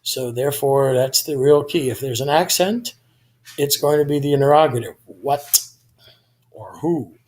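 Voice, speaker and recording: A man's voice: mid-range voice, normal speed, darkish tone. A man tutoring Greek grammar in a recorded lesson, explaining step by step and correcting himself as he goes. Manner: methodical, self-correcting explanations.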